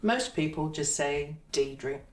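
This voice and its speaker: A woman's voice: deep voice, fairly even intonation, moderate pace. A woman, an actor, chatting as a guest in an interview, rambling and laughing often. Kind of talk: casual interview chat. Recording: echoey room, mic at a distance, faint noise.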